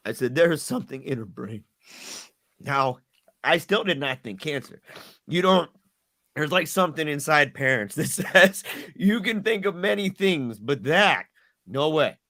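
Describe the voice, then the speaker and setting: Earnest and halting, a middle-aged podcast guest recounts something painful from his life, repeating words frequently. He speaks a little high, with lively intonation and a sharp tone.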